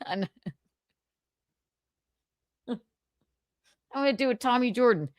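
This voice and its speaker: A woman's voice: a little high, slow pace, dry recording. A woman hosting a casual livestream, giggling and teasing as she chats. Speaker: livestream host.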